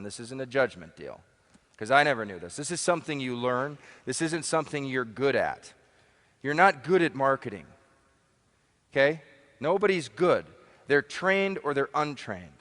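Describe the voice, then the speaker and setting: The recording, soaked in long hall reverb, catches a motivational speaker mid-seminar: a fairly high-pitched man with a somewhat bright tone. He hammers home repeated phrases and keeps putting questions to his listeners.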